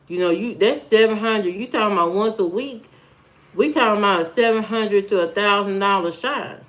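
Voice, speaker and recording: A woman from Indiana, accent and all, hosts a live stream and fires back at viewer comments in a frank, relaxed way. Her voice is mid-range and her speed normal.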